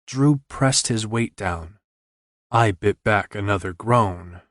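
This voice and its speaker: A man's voice: lowish voice, slow pace, a bit bright, dry recording, clean studio sound. A man reading a romance novel aloud in first person, intimate and earnest. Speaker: audiobook narrator.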